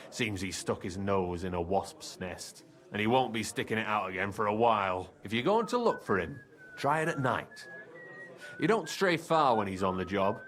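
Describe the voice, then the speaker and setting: A man's voice: on the low side, close to an everyday voice. An actor playing a streetwise male fixer from a thieves' crew, with a Cockney accent and slangy talk. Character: shifty male thief-guild fixer, streetwise.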